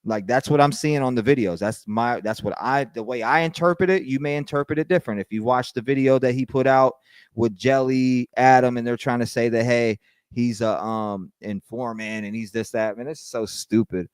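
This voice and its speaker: Profane, animated man livestreaming. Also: medium pitch, moderate pace, smooth, no echo. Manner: profane, animated, mocks with put-on quotes. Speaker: livestream host. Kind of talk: casual livestream commentary.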